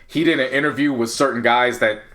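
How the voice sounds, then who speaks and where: A man's voice: mid-range voice, steady tone, fairly quick, fairly bright tone. A man co-hosting a podcast, talking earnestly in long, winding stretches of casual chat. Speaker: podcast co-host.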